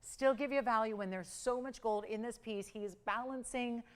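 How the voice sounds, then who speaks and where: Chatty woman hosting a jewelry auction. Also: normal speed. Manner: chatty, animated, jokey, pitch swings up for countdowns. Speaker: shopping channel host. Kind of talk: live jewelry auction selling. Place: TV studio.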